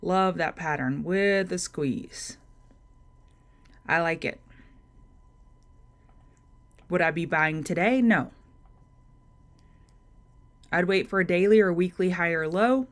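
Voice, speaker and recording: A woman's voice: lowish voice, takes it slowly, long pauses. A woman hosting a live market-prep stream, talking through charts and greeting viewers by name in a chatty way. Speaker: trading show host.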